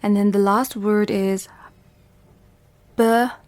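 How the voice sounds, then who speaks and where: A woman's voice: mid-range voice, expressive, takes it slowly, a little mellow. A woman with a Bhutanese English accent, teaching a phonics lesson to young children, sounding out each letter and repeating every word patiently.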